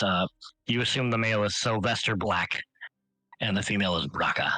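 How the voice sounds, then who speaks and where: A man's voice: deep voice, no room sound, poor audio. A man running a tabletop game, narrating casually with many fillers. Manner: relaxed, filler-heavy, improvising. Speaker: game master.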